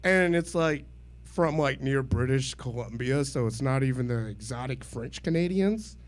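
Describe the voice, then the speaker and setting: A man's voice: mid-range voice, lively intonation, normal speed. A man in his thirties performing a self-deprecating stand-up set at a small open mic, laughing at his own jokes. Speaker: stand-up comedian. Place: small comedy venue.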